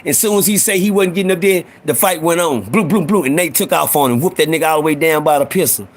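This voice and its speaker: High-voiced man telling prison stories. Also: fast talker. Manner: animated, profane storytelling, acting out voices. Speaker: host. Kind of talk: storytelling on a live audio stream.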